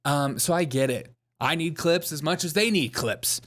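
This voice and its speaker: A high, very bright male voice. He hosts a comedy commentary show and keeps a mocking, jokey tone, laughing as he goes. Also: normal speed.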